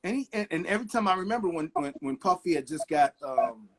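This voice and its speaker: A man's voice: high-pitched, fast talker, gravelly. A middle-aged man, a record producer, telling stories in a casual interview and acting out the people he quotes. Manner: animated storyteller acting out quotes.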